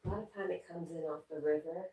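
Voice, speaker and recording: A woman's voice: low-pitched, fairly even intonation, quick pace, warm tone, roomy sound, distant mic, a little hiss or hum. A woman hosting a casual home livestream, coaxing her dog affectionately and reading out viewer comments. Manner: reads viewer comments aloud. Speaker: livestream host. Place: at home indoors.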